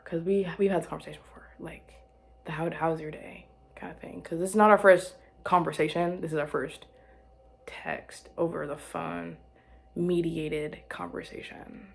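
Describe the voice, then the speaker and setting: A woman's voice: on the low side, a little fast, creaky. A young woman telling a rambling personal story in casual chat, correcting herself and laughing as she goes. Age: young adult. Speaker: vlogger.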